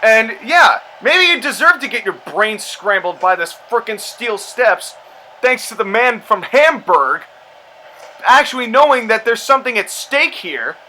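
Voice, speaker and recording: A man's voice: sits high, lively intonation, unhurried, pushed and bright, a little hiss or hum, poor audio. A man giving casual, rambling play-by-play commentary over a video game wrestling match, sarcastic and prone to exasperated outbursts. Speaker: commentator and show host.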